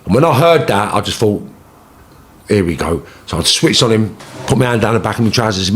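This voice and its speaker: A man's voice: on the low side, expressive, brisk, breathy edge. A man with a London accent, a guest telling his story in an interview, blunt and full of swearing and street slang. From England.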